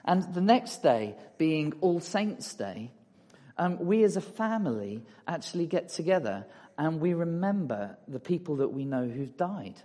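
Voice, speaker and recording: A middle-aged man giving a relaxed, chatty talk in a church hall, full of fillers and asides to the audience. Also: fairly high pitch, unhurried. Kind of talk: conversational sermon with slides. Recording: long hall reverb.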